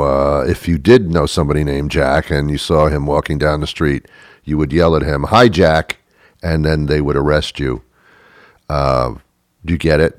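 A man hosting a comic monologue, ranting in a deadpan way with emphatic repetitions. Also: extremely low pitch, no echo, clean studio sound. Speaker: host.

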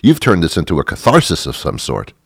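A man's voice: low-pitched, wildly swooping pitch, brisk, gravelly, breathy edge, dry recording. A man, a radio host, delivering a rambling, sarcastic, exasperated comic monologue into a close studio mic. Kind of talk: comedic monologue.

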